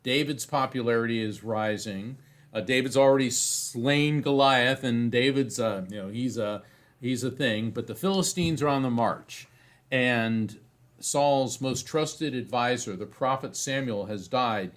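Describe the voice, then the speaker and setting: Middle-aged man, interview guest, rambling storyteller, lots of fillers, medium pitch. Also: unhurried. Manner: rambling, many fillers and restarts. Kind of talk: anecdotal storytelling in conversation.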